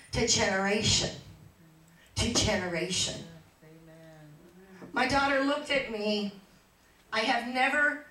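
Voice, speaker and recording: A middle-aged woman preaching a fervent sermon, moving from quiet storytelling to shouted exhortation. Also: a little high. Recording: echoey church from far off.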